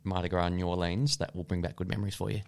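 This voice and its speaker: Fast-talking deep-voiced man. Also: level tone, creaky, clear, resonant tone. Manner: quick, chatty, opinionated. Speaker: podcast co-host. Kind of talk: casual sports chat.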